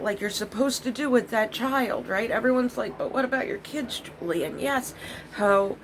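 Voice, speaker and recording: A woman's voice: a little high, noisy background. A middle-aged woman speaking to her viewers about recovery, earnest and intense, often restarting her sentences. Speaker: recovery vlogger. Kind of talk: emotional personal talk to viewers.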